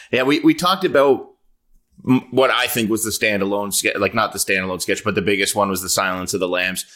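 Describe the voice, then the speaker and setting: A man's voice: lowish voice, a little fast, a bit bright. A man co-hosting a podcast in casual chat, loose and chatty, laughing often. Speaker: podcast co-host.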